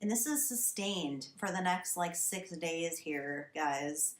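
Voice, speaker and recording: A woman in her thirties hosts a casual wine vlog from a basement cellar. Her delivery is slow and deliberate, wry and emphatic, with a comic, exasperated edge. The room adds a noticeable echo around her voice. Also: on the low side. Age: 30s. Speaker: wine show host. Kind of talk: casual comic monologue to camera. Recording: roomy echo.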